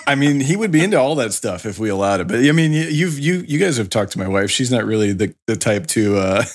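A man in casual podcast chat who rambles through stories with frequent filler pauses. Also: medium pitch, sing-song. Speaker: podcast co-host.

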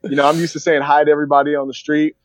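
A man, a former pro football player, telling stories as a podcast guest in a casual, animated way and acting out the voices of people in his stories. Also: a little high, racing, no room sound. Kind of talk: casual storytelling chat. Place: at home, joining remotely. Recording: dull, dry remote audio.

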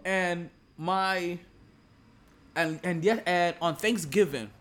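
A man's voice: high-pitched, slow, a bit bright. A man hosting a sports podcast in casual chat, rambling and repeating words, laughing often, recorded away from home at a relative's house. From Jamaica. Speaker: podcast host. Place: relative's home, not a studio.

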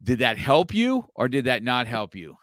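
A man's voice: medium pitch, wildly swooping pitch, moderate pace, crowd noise. A middle-aged man hosting an interview, talking in a rambling way with many fillers and restarts. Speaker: podcast host. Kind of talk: casual interview chat.

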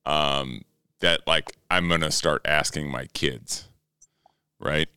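A man in his thirties telling family stories in casual chat, acting out quotes, swearing and laughing loudly. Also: a bass voice, slow pace, smooth, dry recording, clean studio sound. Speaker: podcast co-host.

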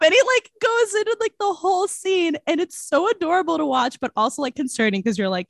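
A woman's voice: fairly high pitch, quick pace, fairly bright tone, no room sound, clean studio sound. A young woman co-hosting a podcast, chatting casually about a movie, bubbly and giggly with lots of fillers. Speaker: podcast co-host. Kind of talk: casual movie review chat.

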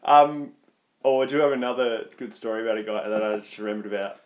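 A man's voice: lowish voice, fast. A young Australian man, a podcast co-host, telling a rambling story in casual chat and laughing along. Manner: rambling, laughs through his own stories.

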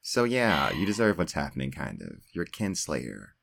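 A woman in casual podcast conversation, sarcastic and quick to laugh. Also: extremely low pitch, very animated, gravelly.

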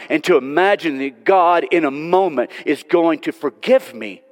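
A man's voice: a little high, lively intonation, moderate pace, few pauses. Man, pastor giving a Sunday sermon, earnest pleading delivery, long church reverb. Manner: pleading, earnest, swings from loud to hushed. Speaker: preacher. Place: church sanctuary.

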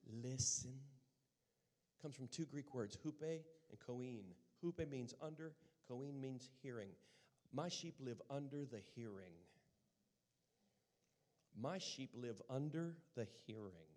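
A man pastor delivering a sermon, stressing phrases slowly and dropping into soft, close storytelling. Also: medium pitch, lively intonation. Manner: emphatic preaching with slow, drawn-out phrases and soft storytelling stretches.

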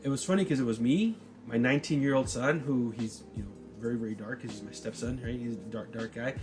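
A man in his forties telling a story in casual chat, profane and animated, often checking in with "right?". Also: medium pitch, fast talker, over music.

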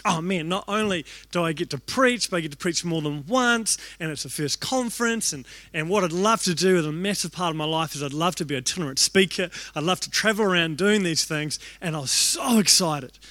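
A young New man preaches through personal stories, lively and quick to poke fun at himself as he acts out his own thoughts. His voice sits high. The sound is dry and close, with almost no room echo. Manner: animated, acts out quoted thoughts, self-deprecating humor. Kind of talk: storytelling sermon.

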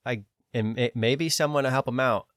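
Man, podcast host, animated storyteller, dry close sound, mid pitch. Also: normal speed, dry recording. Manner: animated storyteller, quotes others in his own voice, swears. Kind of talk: casual storytelling chat.

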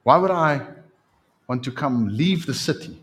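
A man preaching a sermon as pastor, in an animated, conversational way. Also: medium pitch, measured pace.

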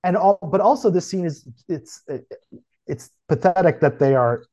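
Mellow-voiced man musing on a podcast. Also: on the high side, expressive, moderate pace. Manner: thinks aloud, hesitant, with fillers and restarts. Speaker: podcast co-host. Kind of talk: casual chat.

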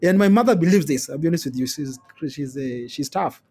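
A man with a Kenyan accent, a guest telling stories in an interview, animated and often repeating words and laughing. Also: fairly high pitch, brisk, breathy edge. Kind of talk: storytelling in conversation.

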